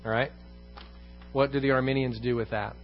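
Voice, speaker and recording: A male pastor teaching an evening Bible class in a church room, at an ordinary pitch for a man. He leans on repeated phrases and questions the room. The recording is slightly dull, with faint music underneath. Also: fairly even intonation, moderate pace.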